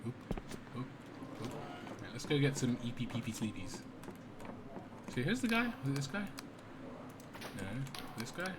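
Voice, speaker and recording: A man livestreaming a video game, excitable and profane, on a desk microphone that sometimes peaks. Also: mid-range voice, moderate pace, long pauses, noisy background. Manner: excitable, swearing, laughing asides. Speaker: streamer. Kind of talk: live game commentary.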